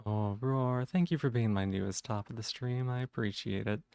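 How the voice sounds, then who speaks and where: Man, live-stream chat, rambling, filler-heavy, mid pitch, dry close sound. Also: moderate pace, gravelly, a little mellow, clean tone, dry recording. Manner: rambling, chatty, with many fillers and restarts.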